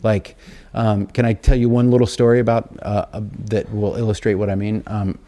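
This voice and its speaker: A middle-aged man tells a story on stage in front of a live audience. His voice sits fairly low, and his telling rambles, self-deprecating and broken by laughter. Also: level tone, fairly quick, warm tone. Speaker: interview guest, songwriter and author. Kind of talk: live onstage conversation.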